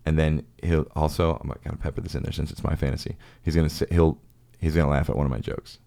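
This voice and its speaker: A man's voice: extremely low pitch, little pitch movement, quick pace, gravelly, dark tone. A young man hosting a podcast, telling rambling jokey stories and acting out little voices. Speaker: podcast host. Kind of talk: casual chat.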